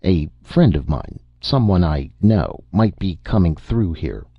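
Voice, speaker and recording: A man doing a halting, cagey stranger. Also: deep voice, lively intonation, slightly rough, dry recording, lo-fi sound, full character voice. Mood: careful. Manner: careful, halting, stammering. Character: cautious mysterious stranger, a man.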